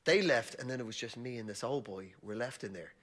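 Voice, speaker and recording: An Irish man, a comedian on a panel, telling an animated comic story with laughing restarts. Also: medium pitch, brisk. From Ireland.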